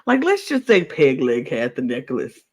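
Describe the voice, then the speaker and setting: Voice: medium pitch, wildly swooping pitch, moderate pace, rough recording. A podcast co-host recapping a reality show in casual chat, talking animatedly and acting out contestants' lines in exaggerated voices.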